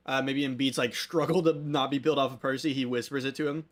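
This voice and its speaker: A man's voice: medium pitch, steady tone, fast. A young man running a tabletop game as game master, casual and joking, often breaking into laughs.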